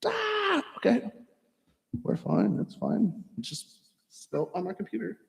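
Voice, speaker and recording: A man's voice: high-pitched, wildly swooping pitch, a little slow, creaky, reverberant, in a large hall. A man hosting a casual livestream, rambling, interrupting himself and laughing at his own mishaps. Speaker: host. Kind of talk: casual livestream chat between song attempts.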